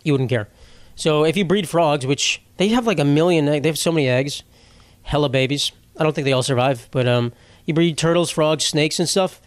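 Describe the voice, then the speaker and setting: With no echo and a fairly high pitch, a young podcast host talks alone at a moderate pace. He meanders through stories in a loose, foul-mouthed comic monologue, cutting himself off along the way.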